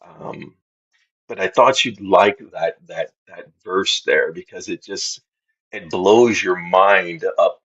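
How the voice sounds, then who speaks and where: Man, lower voice, husky, slow earnest Bible chat, dull lo-fi sound. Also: fairly bright tone. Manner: slow, earnest preaching tone with many restarts. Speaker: co-host of faith podcast. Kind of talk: casual Bible discussion.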